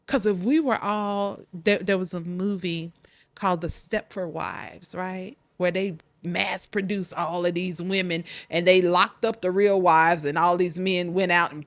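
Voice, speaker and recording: A woman's voice: lowish voice, no echo. A Southern-accented woman in her forties hosting a faith-based motivational talk, talking straight to her listeners and keeps breaking in with "listen". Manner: animated, preachy, talks straight to listeners with lots of "listen, y'all". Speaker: podcast host and life coach.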